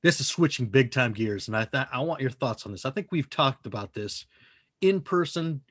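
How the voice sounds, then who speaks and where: A man's voice: medium pitch, animated, moderate pace, slightly rough, dry recording, studio quality. A man co-hosting a podcast, talking in a casual, profane, emphatic way that rambles from point to point. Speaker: podcast co-host.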